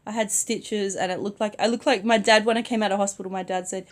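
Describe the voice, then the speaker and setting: A young woman tells a casual storytime from her bed while sick. Her voice sits in an ordinary middle female range. She talks softly and chattily, filling her sentences with "like". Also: medium pitch, fairly even intonation, fast. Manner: chatty, many "like" fillers, soft-spoken. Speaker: vlogger. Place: in bed at home.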